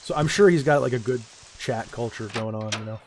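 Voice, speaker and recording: A man's voice: medium pitch, brisk, a little mellow, slight background noise. A young man streaming and talking with his chat in a blunt, profane, ranting way. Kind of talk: casual livestream chat.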